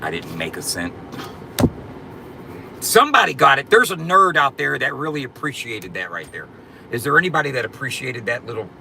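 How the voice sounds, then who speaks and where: A man's voice: medium pitch, big pitch swings, brisk, gravelly, pushed and bright, a little hiss or hum, low-quality recording. A man hosting a casual livestream, joking and bragging to his chat in a loose, profane drawl, often repeating "you know what I'm saying". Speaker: livestream host.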